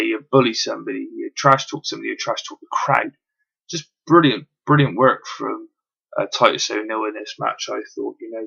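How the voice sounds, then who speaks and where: A man's voice: medium pitch, gravelly, sharp tone, muffled recording. A man reviewing wrestling in casual, chatty speech, full of ums and the odd swear word.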